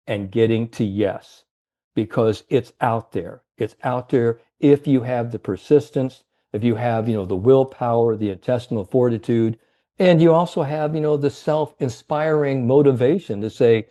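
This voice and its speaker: A man's voice: mid-range voice, dark tone. A man telling a motivational story as a guest coach, earnest and rallying, with many fillers. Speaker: confidence and mindset coach, guest.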